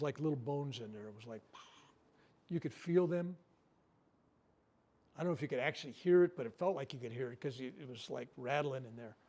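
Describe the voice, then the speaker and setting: A man, a reverend, telling healing stories in a lively workshop talk before a live audience, acting out what people said. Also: on the high side. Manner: animated storyteller, acts out quoted speech. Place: room at a medical center, before a live audience.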